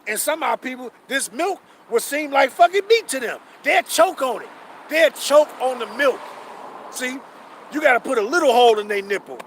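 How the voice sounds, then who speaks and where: A man preaching outdoors, emphatic and profane, reading scripture slowly and asking rhetorical questions. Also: very high-pitched, animated, a bit bright, a little hiss or hum. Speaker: street preacher. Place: outdoors on a city street.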